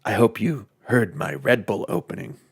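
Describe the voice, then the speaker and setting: A man's voice: fairly low pitch, expressive, moderate pace, breathy edge. A man streaming a horror game, joking and swearing as he reads the game text aloud. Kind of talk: casual game commentary.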